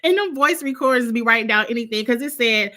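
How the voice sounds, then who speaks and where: Quick and lively, with a fairly high voice that comes across pushed and bright, an Illinois woman with a Midwestern and Southern US accent casually recaps reality TV, opinionated, blunt, and sassy.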